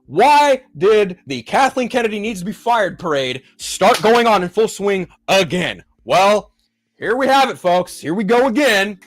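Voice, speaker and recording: A man's voice: high-pitched, big pitch swings, measured pace, soft background music. A man hosting a pop-culture show, ranting in a profane, exasperated and mocking way. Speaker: podcast host.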